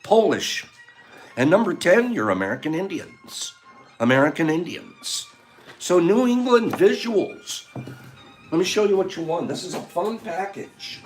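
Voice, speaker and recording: A man's voice: high-pitched, sing-song, unhurried. A man hosting a casual livestream, chatting and answering viewer comments. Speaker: livestream host. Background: faint background music.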